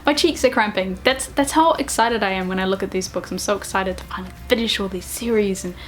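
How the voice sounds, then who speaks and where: A woman, chatting excitedly and self-deprecatingly in a casual book vlog. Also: medium pitch, fast talker, faint music behind. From New Zealand. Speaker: book vlogger.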